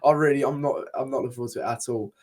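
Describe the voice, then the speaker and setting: A man's voice: mid-range voice, fairly even intonation, racing, darkish tone. A young man co-hosting a casual podcast chat, talking passionately and with frustration, swearing freely and often restarting his sentences. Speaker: podcast co-host.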